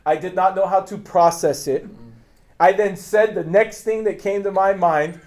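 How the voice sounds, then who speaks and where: A man's voice: high-pitched, normal speed, a little mellow. A man leading his agency team with a fervent, preacher-like message. He is blunt and confrontational, repeats his points for emphasis, asks rhetorical questions, and breaks into laughter.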